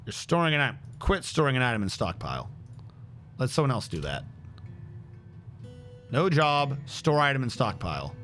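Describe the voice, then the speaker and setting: Man on a headset, casual game commentary, lively up-and-down pitch, faint music behind. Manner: muttering, thinking aloud while troubleshooting. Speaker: streamer.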